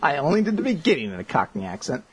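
A man hosts a casual podcast chat, reading listener questions in an excitable, rambling way and laughing often. His voice is a little high and husky, and he talks very fast.

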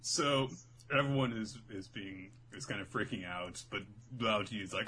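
Man, co-host, casual recap, animated, profane, bright tone. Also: deep voice, moderate pace, slight background noise. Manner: animated, profane, laughs often. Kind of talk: casual chat recapping a show.

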